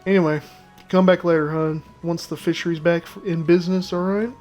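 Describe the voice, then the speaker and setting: A gamer voicing a gruff, bossy woman who runs a fishery, talking brusquely. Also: mid-range voice, steady tone, a little fast, darkish tone, soft background music, natural voice.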